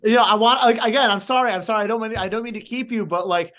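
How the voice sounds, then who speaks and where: Eager and apologetic, this male wrestler rambles through casual interview questions seeking advice, packed with "like," fillers, and restarts. He talks fast in a high, sharp-toned voice.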